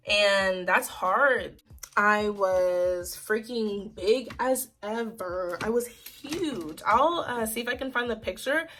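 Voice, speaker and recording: A woman in her twenties shares a personal story in a casual vlog, her medium-pitched voice fairly bright. She rambles emotionally and says "like" and "freaking" a lot.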